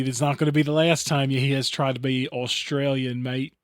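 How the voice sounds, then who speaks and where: A man co-hosting a horror podcast, easygoing and joking as he chats. His voice sits at an ordinary middle pitch. It is recorded close and dry, with no room sound. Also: level tone, normal speed, clear, resonant tone, dry recording. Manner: laid-back, chatty, joking. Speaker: podcast co-host. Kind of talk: casual chat.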